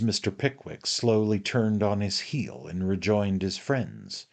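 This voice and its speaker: Male narrator, measured storyteller, somewhat low voice, reading classic fiction. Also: expressive. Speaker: audiobook narrator. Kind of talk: reading a classic novel aloud.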